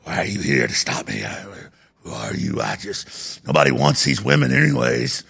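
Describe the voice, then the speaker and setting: A man's voice: low-pitched, wildly swooping pitch, moderate pace, vocal fry, a bit bright, slightly rough, voice pushed down, full character voice. A man voicing a creepy rural man who collects women and children, in a drawling hillbilly impression. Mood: menacing.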